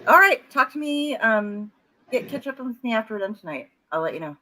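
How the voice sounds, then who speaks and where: A woman's voice: on the high side, sing-song, brisk, sharp tone, slight background noise, rough recording. A woman co-hosting, chatting casually and rambling with laughs. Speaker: co-host. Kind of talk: casual chat.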